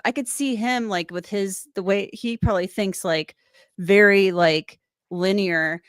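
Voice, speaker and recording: A woman's voice: mid-range voice, fairly even intonation, a little slow, clean tone, dry recording, studio quality. Chatty woman hosting a crime podcast. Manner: chatty, rambling, acts out quotes. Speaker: true crime show host. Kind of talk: casual podcast discussion.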